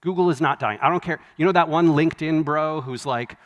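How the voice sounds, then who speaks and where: Wry male keynote speaker in a reverberant hall. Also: fairly high pitch. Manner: conversational, quick asides and self-corrections; wry, laughs at his own jokes. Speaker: conference speaker. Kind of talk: live conference keynote talk. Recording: long hall reverb from a live venue.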